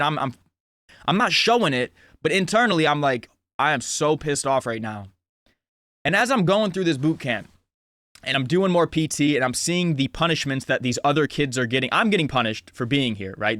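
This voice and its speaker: A man's voice: fairly high pitch, a bit bright, no echo, clean studio sound. A young man telling a story in a blunt, casual way, often swearing and filling with "you know". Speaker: self-help talker.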